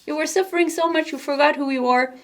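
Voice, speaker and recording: A woman with a Nordic accent giving a tarot card reading to camera, soft-spoken and gentle, laughing lightly now and then. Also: sits high, fast talker. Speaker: tarot reader.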